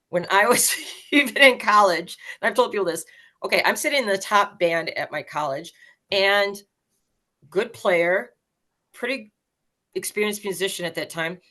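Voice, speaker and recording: A woman in her fifties, a band director, explaining her teaching methods in an energetic, emphatic way as a podcast guest. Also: lowish voice. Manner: energetic, emphatic, acts out student voices.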